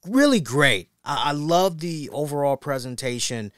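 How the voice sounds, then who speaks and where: A man's voice: fairly high pitch, animated, moderate pace, fairly bright tone, no room sound, studio quality. A man hosting a wrestling review show, giving casual commentary in a slangy, joking way.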